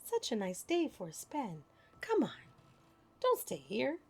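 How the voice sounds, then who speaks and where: A woman's voice: high voice, huge pitch swings, unhurried, husky, exaggerated voice. A woman voicing a playful, teasing wind in a storybook, whooshing and coaxing. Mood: whispery coaxing. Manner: whooshing, coaxing, sometimes whispering.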